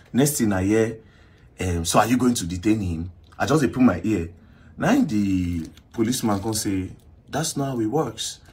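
Excitable Nigerian man, very husky voice. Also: on the low side. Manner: excitable, acts out others' words, frequent "you understand?". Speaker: online activist telling his story. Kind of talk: animated storytelling in Nigerian Pidgin-tinged English.

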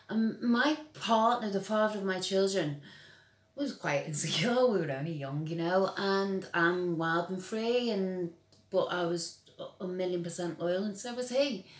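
Sweary middle-aged woman ranting, echoey room. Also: medium pitch. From England. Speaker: vlogger. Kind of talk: angry personal rant.

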